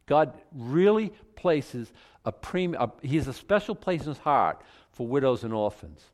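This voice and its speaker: A middle-aged male pastor preaching in a conversational way, breaking into loud emphatic outbursts. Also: mid-range voice, big pitch swings, a little slow. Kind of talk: sermon.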